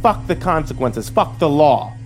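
A man's voice: fairly high pitch, expressive, moderate pace, faint music behind, pitched above the performer's own voice, close to an everyday voice. A man voicing a cruel middle-aged male sheriff in a horror story, speaking with a mocking, contemptuous drawl.

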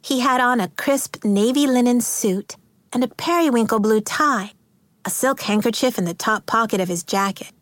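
A woman narrating a first-person novel in an animated, wide-eyed reading voice. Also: fairly high pitch, normal speed, no room sound. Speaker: audiobook narrator.

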